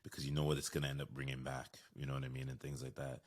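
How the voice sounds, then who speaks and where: Sex: man. Role: podcast host. Pitch: extremely deep. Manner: earnest and measured. Style: interview reflection. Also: monotone.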